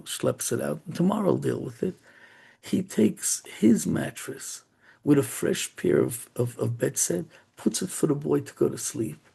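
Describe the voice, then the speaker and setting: Brief: animated rabbi storyteller, slightly high, dark, gravelly voice. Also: male voice. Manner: animated, acts out quotes, Yiddish and Hebrew terms. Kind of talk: sermon storytelling.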